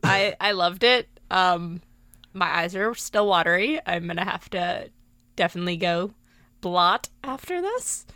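A young woman co-hosting a podcast, giggly, with quick reactions and lots of filler words. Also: on the low side, animated, sharp tone, dry recording. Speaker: podcast co-host. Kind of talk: casual chat.

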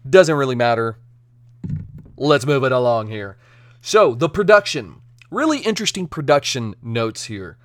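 This is a man running a solo podcast review, talking casually with lots of energy and sometimes putting on goofy accents for laughs. He speaks at a medium pitch on a dry recording.

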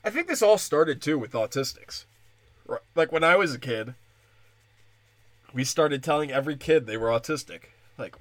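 A man's voice: fairly high pitch, expressive, moderate pace, long pauses, no echo. A young man doing a crude, profane stand-up comedy rant.

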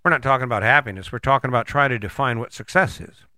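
A man's voice: medium pitch, fast talker, pushed and bright, dry recording. A man hosting a motivational monologue, talking casually and rambling with frequent restarts.

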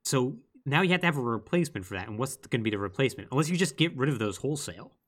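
A man co-hosting a podcast, telling a game's story in casual, lively chat with quick asides. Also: medium pitch. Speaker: podcast co-host. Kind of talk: casual chat recapping a video game.

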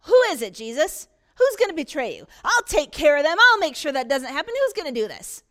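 A woman preacher voicing an eager grown man, a disciple, who loudly insists on his loyalty. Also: sits high, sing-song, a little fast. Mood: insistent. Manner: insistent, loud protesting.

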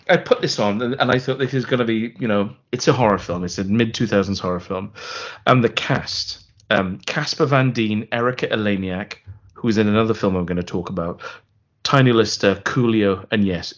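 A man with a lowish, fairly bright voice co-hosts a podcast, casually chatting about films, rambling and laughing often. The recording has a dull lo-fi sound.

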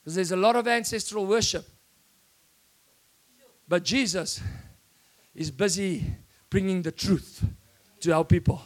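A man with a South African accent preaching an excitable sermon, often breaking into shouts. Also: high-pitched, a little slow, long pauses.

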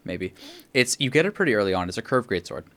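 A man's voice: fairly low pitch, very animated, fast talker, fairly bright tone. Rambling, swearing young man. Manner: rambling, swears a lot, acts out quotes. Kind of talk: casual gaming chat.

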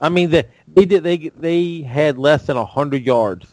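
A man co-hosting casual sports talk, halting and repeating words as he thinks. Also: fairly high pitch, darkish tone, low-quality recording. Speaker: co-host.

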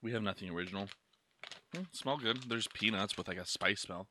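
A man's voice: on the low side, brisk, sharp tone, a little hiss or hum. A young man co-hosting a casual snack taste-test vlog, loose and profane, with mumbled asides. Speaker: vlog co-host.

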